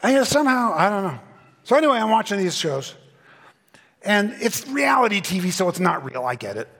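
A man's voice: sits high, big pitch swings, a little fast, a bit bright, a little hiss or hum. A middle-aged man preaching a conference sermon with punchy, comic asides and mock voices. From Southern California. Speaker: pastor. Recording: long hall reverb.

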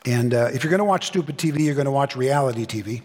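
A middle-aged pastor from Southern California preaches a conference sermon, peppering it with punchy comic asides and mock voices. His mid-range voice is fast and a little mellow. A long hall reverb colors the recording.

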